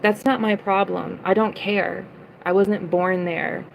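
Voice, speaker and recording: A woman's voice: medium pitch, steady tone, unhurried, creaky, lo-fi sound, slight background noise. A young woman livestreaming, ranting at chat comments in a heated, profane way and repeating lines for emphasis. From United States.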